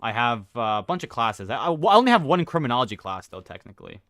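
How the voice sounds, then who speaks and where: A young man with a bright, clear-toned voice chats casually while he plays a game. He rambles, stops to correct himself and chuckles his way through stories. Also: medium pitch, sing-song, quick pace, no echo, clean studio sound. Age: young adult. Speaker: gaming streamer. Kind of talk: casual chat while gaming.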